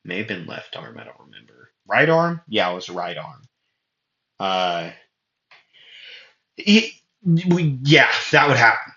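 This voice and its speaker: Slow, rambling man on lo-fi echoey audio. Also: fairly low pitch, big pitch swings, bright, forceful tone. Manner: rambling, many fillers and self-corrections. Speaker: fan storyteller. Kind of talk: casual improvised fan story narration. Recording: muffled lo-fi audio in an echoey room.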